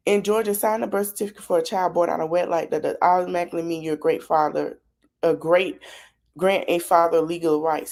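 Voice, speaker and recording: A woman's voice: fairly low pitch, creaky, darkish tone. A woman hosting a live podcast stream, reacting to a video with blunt, sassy, mocking commentary full of slang. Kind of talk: livestream commentary.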